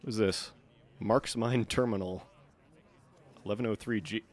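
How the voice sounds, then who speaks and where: A man's voice: on the low side, fairly even intonation, moderate pace. Sarcastic man streaming a game. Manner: sarcastic, joking. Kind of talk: casual gameplay commentary.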